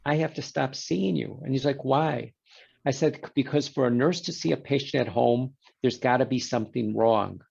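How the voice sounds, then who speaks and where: Man, gravelly and husky voice, animated storyteller, dull lo-fi audio. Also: mid-range voice, moderate pace. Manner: animated storyteller who voices quoted exchanges. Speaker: guest. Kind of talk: storytelling in a conversation.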